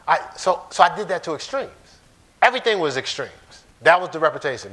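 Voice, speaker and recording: Man, pastor, casual sermon, animated, fairly high voice. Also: fast talker. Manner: animated, joking, talks straight to the congregation. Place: church sanctuary.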